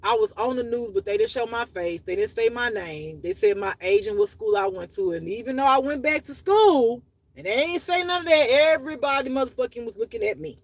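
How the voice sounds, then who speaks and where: A woman's voice: fairly high pitch, a little fast, no room sound. A woman hosting her own channel, talking unscripted to her viewers in a blunt, profane, emotional way, her voice rising and dropping as she speaks. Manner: raw and confessional, voice rising and dropping. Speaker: channel host. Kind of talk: unscripted personal monologue to viewers.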